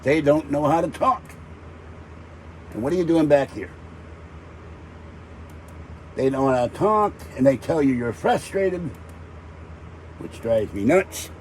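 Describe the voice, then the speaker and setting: A man's voice: on the high side, expressive, measured pace, pauses often, darkish tone, a little hiss or hum, low-quality recording. An older man hosting a livestream, ranting irritably in a rambling casual chat. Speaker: livestream host.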